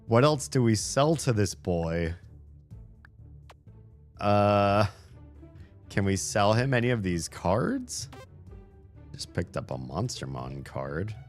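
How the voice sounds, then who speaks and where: A young man casually commenting while playing a video game, thinking aloud in low mumbled asides. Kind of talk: let's play commentary.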